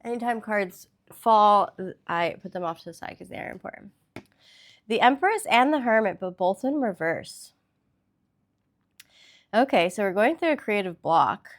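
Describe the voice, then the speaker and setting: A woman's voice: medium pitch, animated, moderate pace, long pauses. A woman hosting a casual tarot reading vlog, chatty and loose, with the odd swear word. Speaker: tarot reader.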